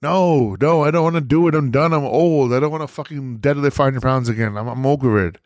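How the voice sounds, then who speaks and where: Man doing a worn-out, reluctant aging action hero, raised pitch, whiny. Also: fairly quick, a little mellow, no echo, clean studio sound, close to an everyday voice. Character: weary, reluctant aging male action star.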